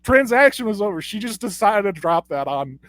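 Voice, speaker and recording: A young man tells a rambling, stammering story on a comedy podcast, acting out each customer in turn. His voice sits high for a man. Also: sing-song, normal speed, fairly bright tone, no room sound. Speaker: podcast co-host.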